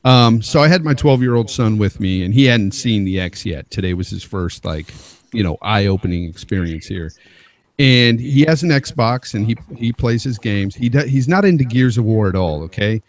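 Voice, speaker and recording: A man's voice: on the low side, moderate pace. A man, a father of a twelve-year-old, telling a story in casual podcast chat over a home mic. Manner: storytelling, animated retelling. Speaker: podcast co-host.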